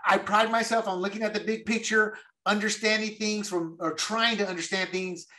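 A man's voice: sits high, fairly even intonation, a little fast, bright, forceful tone. A man co-hosting a podcast, chatting casually and emphatically about football and repeating words as he goes. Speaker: podcast co-host. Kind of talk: casual sports chat.

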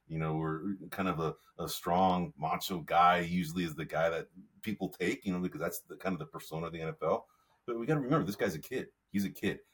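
A man's voice: deep voice, slightly rough. A man co-hosting a sports podcast, talking casually in a rambling, conversational way. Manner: rambling, conversational, lots of fillers. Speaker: podcast co-host.

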